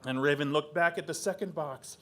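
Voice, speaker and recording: A man telling a traditional story aloud with animated delivery, acting out voices and sound effects. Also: a little high, brisk. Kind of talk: live oral storytelling.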